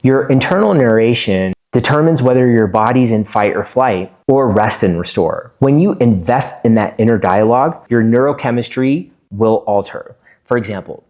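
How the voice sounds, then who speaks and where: A man's voice: mid-range voice, normal speed, a little mellow. A middle-aged man, a physician hosting his own video, explaining in a casual monologue and acting out bits of inner self-talk. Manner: earnest, acts out inner self-talk in quotes.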